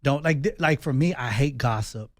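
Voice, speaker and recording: A man co-hosting a marriage podcast in casual chat, animated and acting out quoted voices. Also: mid-range voice, normal speed, dry recording, clean studio sound. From Southern United States. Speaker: podcast co-host.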